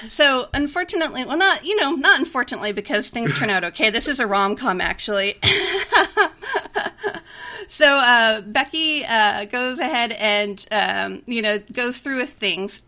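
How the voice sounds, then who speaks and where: A woman's voice: a little high, animated, moderate pace, bright, forceful tone. A woman reading a romantic comedy aloud in a chatty way, giggling often between lines. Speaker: story reader.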